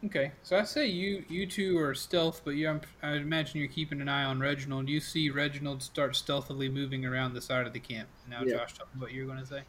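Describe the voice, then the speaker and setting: A man narrating as game master in a casual, quick way with many fillers. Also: medium pitch, level tone, a bit bright, slight background noise.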